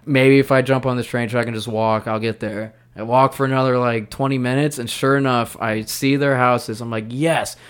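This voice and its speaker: A man in his thirties co-hosting a podcast, telling a long rambling story in casual chat and quoting people in lively bursts. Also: medium pitch, moderate pace, few pauses, clear, resonant tone. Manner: rambling, animated when quoting others. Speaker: podcast co-host.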